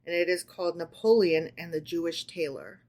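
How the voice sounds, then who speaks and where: A woman's voice: on the low side, brisk, a little mellow. A woman co-hosting a casual book club podcast, reading stories aloud and often checking in with her listener.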